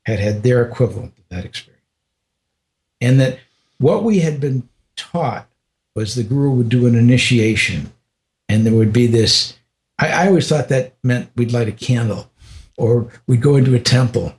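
An older American man, a podcast guest, telling a personal story in a reflective, unhurried way, with frequent restarts and small laughs. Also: mid-range voice, animated, a little mellow. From United States.

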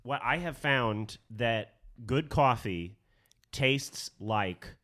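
A man co-hosting a comedy podcast with a dry, deadpan delivery, building his jokes slowly. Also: medium pitch. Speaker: podcast co-host and voice actor. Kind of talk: casual chat.

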